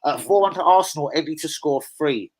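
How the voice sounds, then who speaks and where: A man's voice: a little high, animated, brisk, darkish tone, poor audio. A man hosting a live football fan stream, chatting casually, reading out viewer comments and swearing freely. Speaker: fan channel host. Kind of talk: live football preview chat.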